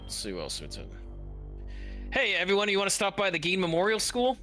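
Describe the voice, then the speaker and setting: A man's voice: sits high, wildly swooping pitch, brisk, bright, forceful tone, faint music behind. A man casually commenting while streaming a game, chatty and laid-back.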